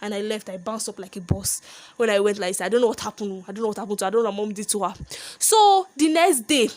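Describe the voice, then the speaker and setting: A young woman telling a personal story in a lively, animated vlog monologue. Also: mid-range voice, fast. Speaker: vlogger.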